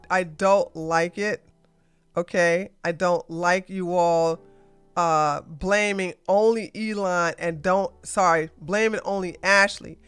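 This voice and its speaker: A woman's voice: fairly low pitch, a bit bright, clear, resonant tone. A woman hosting a casual political commentary livestream, blunt and ranting, with plenty of slang. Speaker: podcast host.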